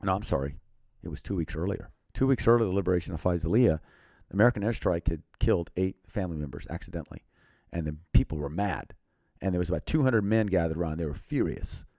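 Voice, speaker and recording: A man with a very low voice tells a personal story as an interview guest. He speaks earnestly and with emphasis, often sinking into a quiet, grave tone. He is recorded close on a studio mic in a dry, dead room. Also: fast, no room sound.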